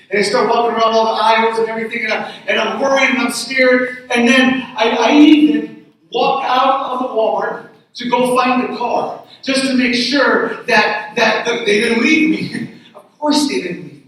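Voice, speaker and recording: High-voiced man preaching in an echoey hall. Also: fairly bright tone. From Tucson, Arizona. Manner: earnest, repeats phrases for emphasis, slows on key lines. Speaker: pastor. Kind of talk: sermon with personal storytelling. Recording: echoey hall, mic from far off.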